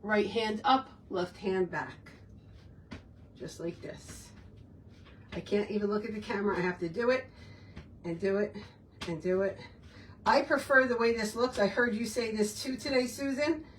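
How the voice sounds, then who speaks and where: A woman hosts a casual crafting tutorial, chatting to herself and her viewers as she works with her hands. Her mid-range voice moves at a measured pace with long pauses. The mic is distant and picks up slight background noise.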